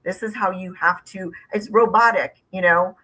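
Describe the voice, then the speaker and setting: A woman's voice: mid-range voice, steady tone, moderate pace, bright, forceful tone, rough recording. A woman hosting a casual discussion, talking in an emphatic, indignant way with sarcastic edges. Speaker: host.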